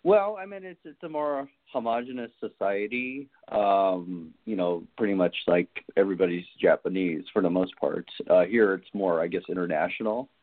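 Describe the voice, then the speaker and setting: A man with a fairly low voice answers interview questions over the phone. He pauses and restarts often, searching for words. The line sounds thin and tinny. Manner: hesitant, lots of ums and restarts. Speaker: actor and interview guest.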